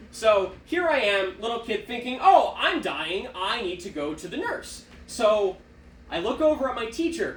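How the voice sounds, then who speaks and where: A man's voice: high voice, echoey room, far from the mic, a little hiss or hum, rough recording. A young man performing a self-deprecating stand-up comedy set on a small theater stage. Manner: animated, self-deprecating storytelling.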